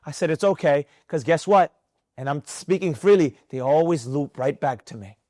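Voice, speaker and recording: A man with a high, light voice leads a trading mentorship class in front of students. He talks in an animated, preachy way and hammers his points home by repeating them. The sound is dry and close, with no room echo. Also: moderate pace. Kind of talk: live mentorship class talk.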